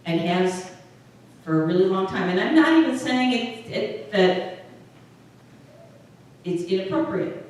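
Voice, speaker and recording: A woman's voice: medium pitch, expressive, a little slow, pauses often. A woman pastor giving a conversational sermon, often stopping and restarting her phrases. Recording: distant mic in a very echoey room with faint noise.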